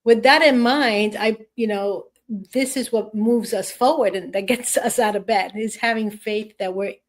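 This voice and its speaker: Podcast host lady, middle pitch, keeps cheering her guest on. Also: measured pace. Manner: encouraging, affirming. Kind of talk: conversational interview.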